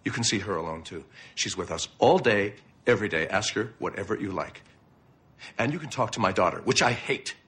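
An actor playing a coolly defensive middle-aged father, with a husky voice. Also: lowish voice, lively intonation, fairly quick, a bit bright.

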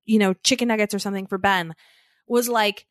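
A woman in her thirties co-hosting a podcast, telling animated stories about her kids in a casual chat and laughing often. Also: mid-range voice, brisk, no echo, studio quality. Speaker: podcast co-host.

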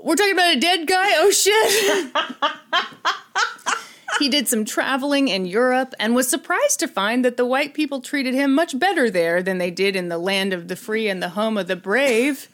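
This is a woman with a fairly high voice, telling a history story in a loose, chatty way. She drops casual swears and laughs along as she goes, keeping things informal and playful. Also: animated, normal speed, few pauses, fairly bright tone. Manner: irreverent, swears, laughs often.

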